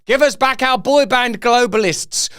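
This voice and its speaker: A man hosting sarcastic political commentary, mocking and theatrical, jumping from shouts to low mutters. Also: measured pace, smooth, no room sound, studio quality. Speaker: host.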